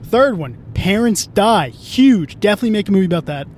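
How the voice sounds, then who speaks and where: A man hosts a casual podcast while riding in a moving car, rambling, swearing, and frequently restarting his sentences. His voice is expressive and brisk, with a faint car rumble in the background.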